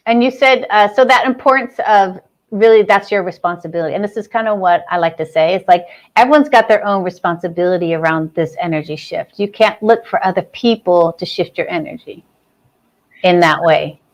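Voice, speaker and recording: A woman's voice: lowish voice, fairly quick. A woman hosting an online panel talk, searching for words as she affirms her guest. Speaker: host.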